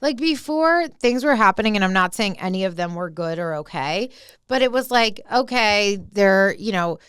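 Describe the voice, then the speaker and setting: A young woman co-hosting a casual pop-culture podcast, animated and peppered with "like". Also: medium pitch, moderate pace, smooth, dry recording, studio quality. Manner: animated, lots of "like" fillers. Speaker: podcast co-host.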